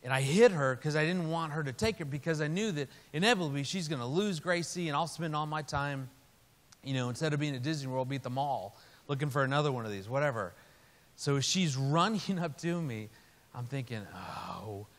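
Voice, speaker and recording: A man's voice: a little high, brisk. A man telling a family story in a sermon, acting out the voices of the people in it. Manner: animated storyteller, acts out quotes. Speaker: speaker. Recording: hall reverb.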